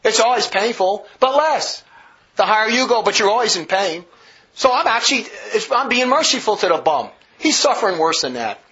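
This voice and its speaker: A man's voice: sits high, big pitch swings, a little fast, bright, forceful tone. A man giving a vehement, combative religious monologue with heavy emphasis, on a dull lo-fi recording. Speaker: religious commentator. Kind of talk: polemical monologue.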